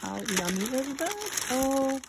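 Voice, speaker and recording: A woman's voice: fairly high pitch, very noisy. A woman hosting her own channel, gushing and exclaiming as she unboxes a gift box. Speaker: channel host. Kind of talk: unboxing vlog.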